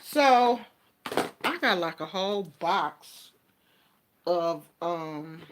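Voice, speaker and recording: A woman's voice: fairly low pitch, lively intonation, very slow, noisy background. A woman chatting casually to her viewers, with a Black way of speaking, telling stories and laughing often. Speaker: vlogger.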